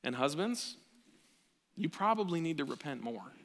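A man in his thirties, a pastor, preaching a sermon with animated delivery, dropping to quiet asides and rising almost to a shout. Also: on the high side, normal speed, in a large hall. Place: church sanctuary.

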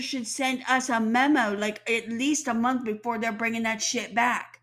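A woman's voice: on the high side, steady tone, normal speed, few pauses, fairly bright tone. A woman in her fifties with a stuffy nose and sore throat, ranting bluntly and profanely to the camera. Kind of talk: casual rant to camera.

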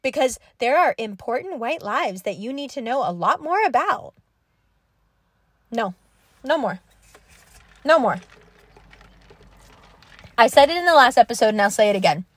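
Young woman, high-pitched, angry emphatic podcast host, dry close sound. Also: very animated, unhurried, pauses often, no echo. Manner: angry, emphatic, profane, repetitive. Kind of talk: impassioned monologue.

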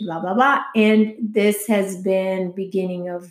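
A woman spins a blunt, profane anecdote in casual chat, acting out each line of dialogue as she goes. Her voice sits at a middling pitch, and an echoey room rings around her. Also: fairly even intonation, moderate pace. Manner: candid, profane storytelling with quoted dialogue.

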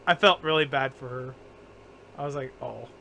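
A man's voice: medium pitch, normal speed, creaky, sharp tone. A man co-hosting a casual podcast, rambling with lots of fillers, restarts and frequent laughter. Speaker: podcast co-host.

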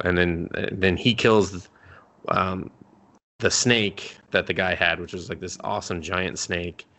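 Young dude on a podcast, kinda low voice, rambling and cussing a lot while recapping stuff. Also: male voice, steady tone, moderate pace, bright, forceful tone. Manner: rambling, swears freely, retells scenes with quoted lines. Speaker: podcast co-host. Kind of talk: casual chat recapping anime.

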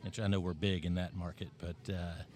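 A man's voice: low voice, level tone, brisk, darkish tone. A man hosting a podcast, interviewing a vendor at a fair with a jokey, upbeat manner. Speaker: podcast host.

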